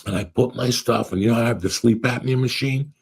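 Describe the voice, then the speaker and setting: Middle-aged guy, gravelly husky voice, swearing a lot, acts out the quotes. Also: mid-range voice, brisk. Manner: profane, animated storyteller acting out quotes. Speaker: podcast host. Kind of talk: casual storytelling chat.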